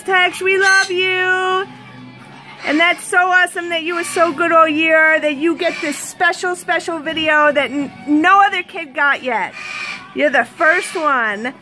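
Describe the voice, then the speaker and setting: A woman keeper talking in sing-song baby talk to her pet birds in an indoor bird room, coaxing them to say hello. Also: very high-pitched. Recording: loud bird squawks around her. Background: birds squawking and chattering.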